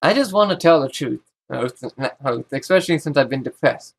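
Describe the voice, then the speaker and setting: A man's voice: on the high side, lively intonation, moderate pace, vocal fry. A man and YouTuber talking straight to camera in a casual vlog monologue. He rambles, interrupts himself often and states blunt opinions.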